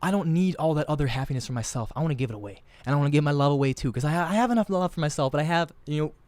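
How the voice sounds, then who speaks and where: A man's voice: fairly high pitch, animated, racing, a little mellow, dry recording. A man hosting a podcast in casual chat, earnest and rambling, often repeating and restarting his words. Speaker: podcast host.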